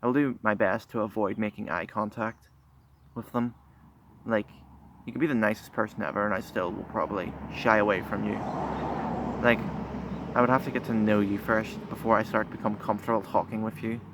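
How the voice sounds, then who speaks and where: A teenage boy vlogs candidly into his phone camera beside a busy road, shy and halting, with many pauses and restarts in his low-ish, steady voice. Loud traffic noise from passing cars fills the phone recording.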